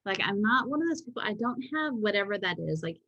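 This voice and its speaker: A woman's voice: medium pitch, animated, fast talker, sharp tone, breathy edge, dry recording, lo-fi sound. A woman co-hosting a podcast, telling rambling, self-deprecating stories in casual chat. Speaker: podcast co-host.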